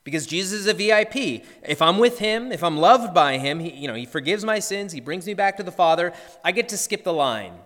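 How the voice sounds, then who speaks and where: A man's voice: sits high, animated, a little fast, few pauses, a bit bright, long reverb tail. A man, a pastor, preaching an earnest sermon and acting out the disciples' cries.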